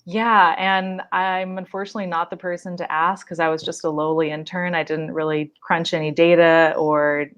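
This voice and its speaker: A young woman with a notably low voice talks through her fieldwork on a podcast. Her telling is animated and casual, scattered with "like" and quick laughs. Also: smooth, dull audio. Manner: animated storytelling with frequent likes and laughs. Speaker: wildlife biologist guest.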